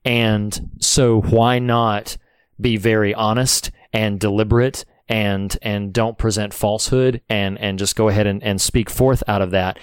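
A man's voice: lowish voice, steady tone, a little slow, smooth, no room sound. A man co-hosting a podcast, talking earnestly and thoughtfully about a film, with frequent restarts. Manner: earnest, reflective, many restarts. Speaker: podcast co-host. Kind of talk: casual film discussion.

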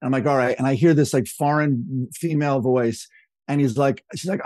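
A man in his fifties telling stories as a podcast guest, lively and casual, acting out what others said. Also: mid-range voice, a little fast, no room sound. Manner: animated storyteller, acts out quotes in a raised voice. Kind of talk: casual storytelling chat.

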